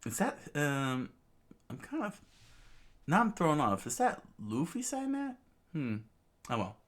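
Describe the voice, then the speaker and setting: A man's voice: a little high, wildly swooping pitch, measured pace, fairly bright tone. A man casually reading a comic aloud, hesitant, with many fillers and self-corrections. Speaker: reader.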